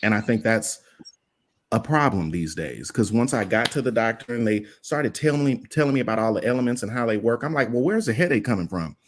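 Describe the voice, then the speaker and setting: A man's voice: medium pitch, a little fast, slight background noise. A man, chatting casually and telling a story in an earnest, plain-spoken way. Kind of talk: casual chat.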